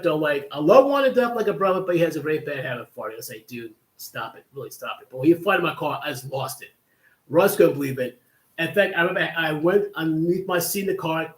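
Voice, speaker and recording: A man hosting a livestream, telling a long casual story that rambles with many restarts and asides. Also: a little high. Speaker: livestream host. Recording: echoey room.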